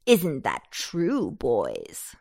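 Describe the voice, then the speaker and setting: A woman's voice: extremely low pitch, wildly swooping pitch, drawn-out words, gravelly, warm tone, voice pushed down, full character voice. A woman voicing a grand, lordly talking pumpkin with courtly manners in a storybook reading.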